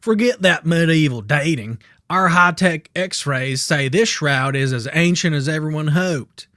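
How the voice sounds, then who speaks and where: A man putting on an accent to voice smug, excited male researchers. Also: on the high side, measured pace, no echo, studio quality. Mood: boastful. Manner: put-on accent, raised and showy.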